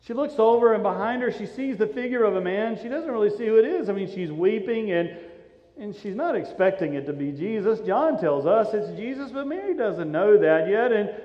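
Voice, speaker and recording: A male pastor preaching a sermon, telling the story with dramatic swings from loud urgency to hushed softness. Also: sits high, animated, a little fast. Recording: echoey hall, dull lo-fi sound.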